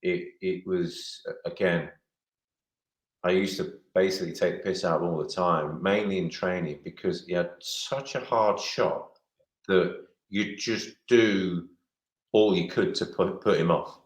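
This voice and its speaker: Speaking low and unhurried with fairly even intonation, the middle-aged ex-footballer meanders through interview stories full of restarts and acted-out quotes. A roomy echo surrounds his voice.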